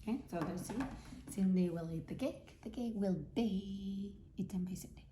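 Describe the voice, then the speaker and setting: Woman teacher, very dark mellow tone, patient grammar lesson, checks in often, self-filmed. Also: medium pitch, moderate pace, a little hiss or hum. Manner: patient, repeats key points, checks in with "okay?" and "right?". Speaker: English teacher. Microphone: self-filmed camera.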